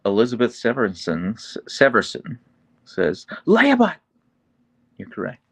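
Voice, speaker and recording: Creaky-voiced man chatting on a live stream. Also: mid-range voice, huge pitch swings, unhurried, fairly bright tone. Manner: chatty, easygoing, talks to his dogs between comments. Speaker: livestream host. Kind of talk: casual live chat reading viewer comments. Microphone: phone.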